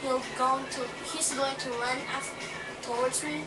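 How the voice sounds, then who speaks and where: A woman chatting casually on a home webcam video, scolding her puppy and yelping out loud. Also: high-pitched, fairly even intonation, a little slow, over loud music. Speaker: dog owner. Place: room at home. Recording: echoey, distant, noisy webcam audio.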